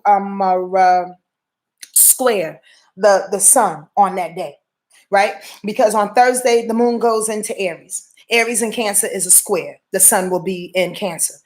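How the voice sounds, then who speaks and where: A woman's voice: medium pitch, darkish tone. A woman hosting a live astrology stream, talking to viewers in a preachy, slangy, emphatic way and swearing freely. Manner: repeats and restarts words, many filler sounds. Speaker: astrology show host.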